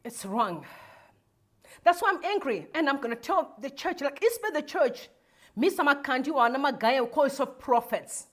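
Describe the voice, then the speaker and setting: Zimbabwean woman host, high animated delivery, fiery preachy commentary. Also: moderate pace. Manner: emotional, preachy, switches into Shona. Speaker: show host. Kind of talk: impassioned commentary.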